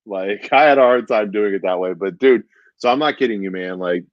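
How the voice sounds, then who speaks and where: A man's voice: lowish voice, a little fast, no echo. A man, a stand-up comedian, telling a rambling story in casual chat, with plenty of "like" and "dude". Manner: rambling, says "dude" constantly, many fillers. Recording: dull lo-fi dry sound.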